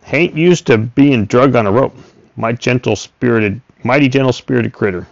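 A man's voice: mid-range voice, moderate pace, gravelly, dry recording, natural voice. A man voicing a talkative old male farmer and horse trader who coaxes in a folksy rural drawl. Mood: coaxing. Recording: dull, dry recording.

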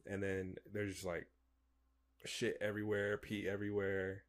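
A young man co-hosting a podcast, chatting in a relaxed, slangy way and quoting himself as he tells stories. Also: on the low side, moderate pace. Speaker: podcast co-host. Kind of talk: casual chat.

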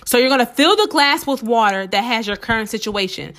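A woman hosting a motivational podcast, talking fast and excitedly while she repeats each step, and a little under the weather with a slightly sore throat. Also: a little high. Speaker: podcast host. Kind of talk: casual motivational podcast talk.

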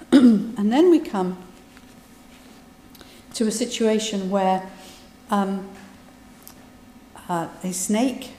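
A woman preaches in a relaxed, conversational way, retelling scripture and adding her own asides. Her voice is mellow and warm. It rings with long reverb across a large hall. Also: mid-range voice, very slow, long pauses, a little hiss or hum. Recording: echoey hall, voice from a distance.

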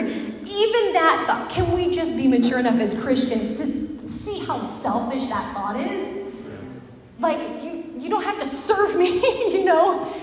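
A woman pastor giving a sermon in a conversational, lively way, laughing and acting out little asides. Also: very high voice, measured pace, a little hiss or hum. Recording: very echoey hall, mic far off, faint ambience.

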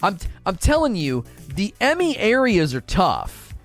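A man with a high-pitched voice streams a game, speaking a little slowly over faint background music. Animated and chatty, he reads viewers' messages aloud and often restarts his sentences during this casual live-stream.

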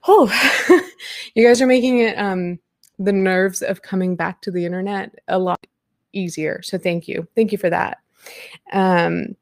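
A woman's voice: mid-range voice, darkish tone, no room sound, clean studio sound. A woman in her thirties hosting a casual live podcast from home at her computer, chatting and rambling with frequent laughs. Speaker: podcast host. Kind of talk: casual live-stream chat.

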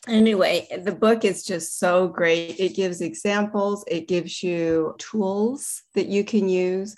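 A woman's voice: lowish voice, darkish tone. A middle-aged woman, a guest coach, talking earnestly and emphatically about a book and reading passages from it aloud with feeling. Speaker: guest, project director and coach. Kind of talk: casual talk with read passages.

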